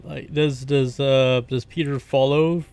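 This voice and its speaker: A man's voice: mid-range voice, fairly even intonation, takes it slowly, a little mellow, smooth. A man playing in a tabletop role-playing game, giggly and casual, describing his character's actions with lots of "like". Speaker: player.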